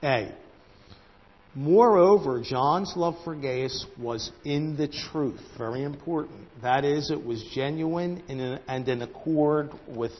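A man teaching a Bible study lesson, walking through the text in numbered points and loudly stressing key words. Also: on the high side, unhurried, hardly any pauses, long reverb tail, muffled recording.

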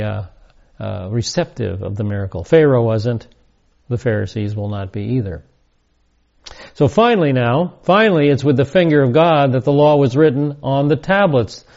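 A man giving verse-by-verse Bible teaching, reading scripture aloud and slowing down to stress key words. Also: mid-range voice, mellow, lo-fi sound.

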